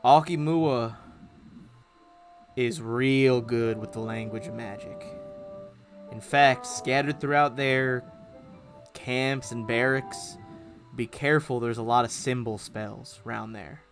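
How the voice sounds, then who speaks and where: A man's voice: medium pitch, steady tone, takes it slowly, pauses often, faint music behind. A man running a tabletop game as game master, casual and laughing often.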